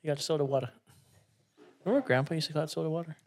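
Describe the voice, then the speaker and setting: A man co-hosting a podcast who banters casually and rattles off quick guesses. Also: on the high side. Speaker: podcast co-host.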